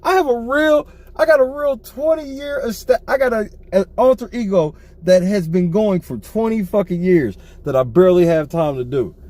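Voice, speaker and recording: A man's voice: sits high, moderate pace, hardly any pauses, a little mellow. A man co-hosting a podcast, telling a story in casual, profane chat and laughing often, talking from a car. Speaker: podcast co-host.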